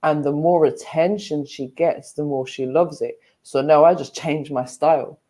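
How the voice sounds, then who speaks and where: Blunt woman with a lower voice. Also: fairly even intonation, moderate pace, warm tone. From United Kingdom. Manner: blunt, dismissive, laughing easily. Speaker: guest on a livestream. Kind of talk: casual gossip chat.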